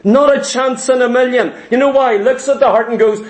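A man's voice: very high-pitched, steady tone, fairly quick. A man preaching a sermon, emphatic and fervent, retelling scripture with vivid asides.

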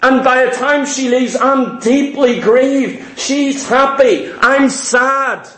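High-voiced preacher man telling a story. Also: reverberant. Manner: animated, repetitive storytelling with dramatic slowdowns. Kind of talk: sermon storytelling.

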